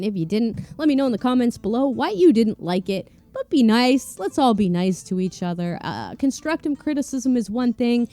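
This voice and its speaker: A woman casually reading online stories aloud to her viewers in a playful, animated way. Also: on the high side, moderate pace, soft background music. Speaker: YouTube story narrator.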